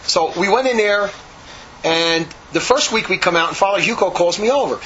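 A man in a religious order tells a long, meandering story, jumping in pitch whenever he gets worked up. His voice sits somewhat high for a man. The recording is dull and lo-fi, with a faint hiss underneath. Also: normal speed. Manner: animated, rambling, acts out quotes. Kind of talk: conversational storytelling.

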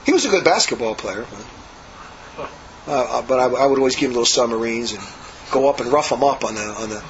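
A man, a religious brother, telling a rambling, animated story in conversation. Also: medium pitch, quick pace, a little hiss or hum. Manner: animated, rambling, acts out quotes. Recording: dull lo-fi recording.

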